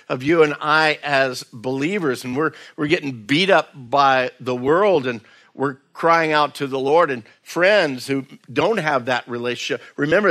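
A man's voice: a little high, a bit bright. A man preaching a sermon as pastor in a church, earnest and conversational, often saying "man" and "again". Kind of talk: expository sermon.

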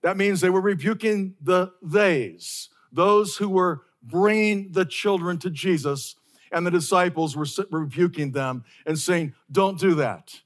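A man's voice: sits high, a little slow. A man preaching a sermon to his church in an earnest way, stressing his points by saying them again. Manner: earnest, repeats key phrases for emphasis. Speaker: pastor.

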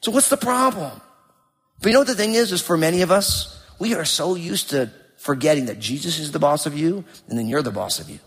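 A middle-aged man preaching a sermon with emphatic, animated delivery and rhetorical questions. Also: on the high side, quick pace, few pauses, husky. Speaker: pastor. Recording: long hall reverb.

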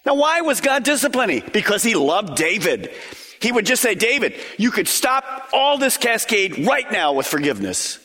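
A man's voice: high voice, very animated, normal speed, bright, forceful tone, big-room sound. A male pastor preaching a sermon, emphatic and full of rhetorical questions and lists.

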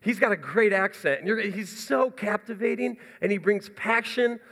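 A young man speaks as a pastor from the front of a church, running through announcements with eager, rambling energy. His voice sits high for a man, and it carries a long reverb from the large hall. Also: normal speed, a bit bright. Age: young adult. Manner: enthusiastic, chatty and rambling with restarts. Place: church sanctuary.

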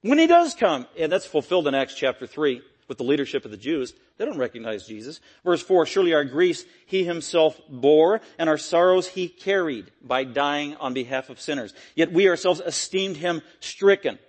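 A man preaching an expository sermon, emphatic and repetitive, swinging from loud peaks to quiet low lines. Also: normal speed, hardly any pauses, husky. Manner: repetitive, stressing key phrases.

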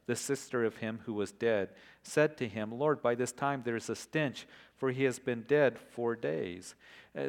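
Earnest male pastor preaching. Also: mid-range voice. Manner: earnest preaching, softens to a hushed prayer. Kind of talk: sermon.

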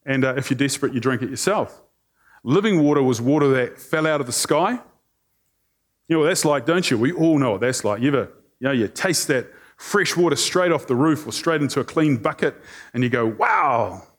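A male preacher giving a conversational sermon, animated and joking with the congregation. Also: medium pitch, fairly quick.

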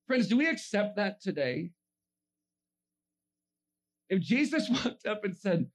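Husky animated man preaching a sermon. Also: sits high, unhurried, long pauses. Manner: acts out voices in his stories, swings from hushed to shouting.

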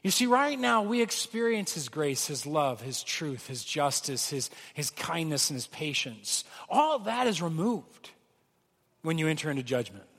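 High-voiced preaching man in a reverberant hall. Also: very animated, unhurried, a bit bright. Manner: earnest preaching, acts out pleading quotes. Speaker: pastor. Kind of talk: sermon.

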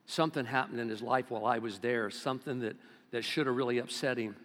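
A man in his seventies preaching a sermon as pastor, swinging between loud exclamations and hushed low-key talk. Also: fast. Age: 70s. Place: church sanctuary. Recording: long reverb of a church hall.

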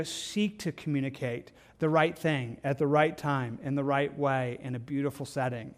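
A man with a somewhat high voice teaches from scripture in an earnest, conversational tone. He often stumbles, repeats words and starts his sentences over as he goes. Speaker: pastor. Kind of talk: devotional Bible teaching.

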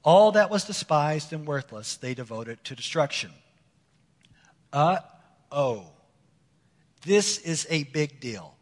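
A man's voice: on the high side, expressive, slow pace, long pauses. A man preaching a sermon in a conversational way, asking his listeners questions and repeating his key phrases. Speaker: pastor. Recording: long reverb in a large hall.

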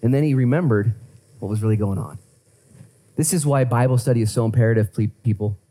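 A man preaching a sermon as pastor, animated, conversational and playful as he talks through scripture. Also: medium pitch, fast.

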